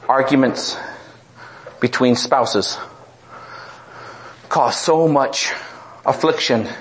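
Preaching with humor and animation, a middle-aged male pastor repeats phrases and goes low and slow when he wants to stress a point.

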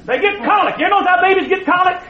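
High, lively, loud-and-soft older preacher man. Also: fast talker. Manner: loud, folksy, swings from shouting to low asides. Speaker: pastor. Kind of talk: fiery sermon. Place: church sanctuary with congregation. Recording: muffled, echoey church recording with crowd.

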